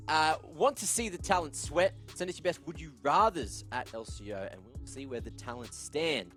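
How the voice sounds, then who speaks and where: A man's voice: on the high side, animated, normal speed, a bit bright, soft background music. A man hosting an esports panel show, chatty and joking as he leads the segment. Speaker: show host. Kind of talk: casual esports panel chat.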